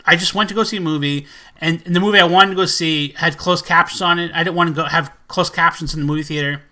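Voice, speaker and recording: Man, movie collector vlogger, rambly and excitable, lots of fillers, bright forward voice. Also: a little high, fast. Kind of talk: casual collection vlog.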